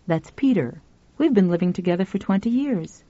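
A woman's voice: mid-range voice, animated, moderate pace, mellow, no echo, highs cut off, close to an everyday voice. A woman voicing an older graying spinster who speaks in a clipped, stern way. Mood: curt. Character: thin graying older spinster writer, prim and curt.

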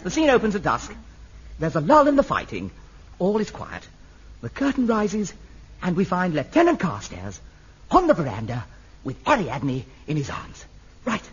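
A man playing a polite, fussy amateur theatre director who tries to keep everyone calm. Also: high-pitched, moderate pace, pauses often, breathy edge, highs cut off, full character voice. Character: genteel, flustered amateur play director.

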